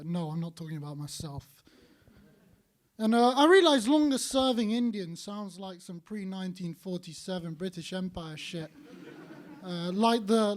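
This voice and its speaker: A young man performing stand-up at a student comedy night, with a fairly high voice. He delivers his set in a dry, deadpan way, slipping in ironic asides. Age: young adult.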